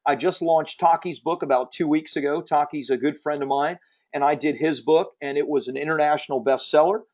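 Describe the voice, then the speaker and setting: Emphatic salesman hosting a webinar, fairly high. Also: a little fast, darkish tone. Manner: emphatic, persuasive salesman, repeats key points; reads and answers audience questions from chat. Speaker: webinar host selling publishing services. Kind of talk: live sales webinar pitch.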